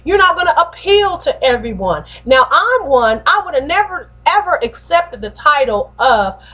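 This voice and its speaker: A woman hosting a short motivational talk as a pastor, lively, slangy and preacherly in her delivery. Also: high voice, normal speed. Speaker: host and pastor.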